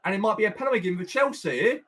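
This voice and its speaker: Animated man reacting to a match live. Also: high voice, very fast. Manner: animated, exasperated, swears at the referee. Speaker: watch-along host, football fan.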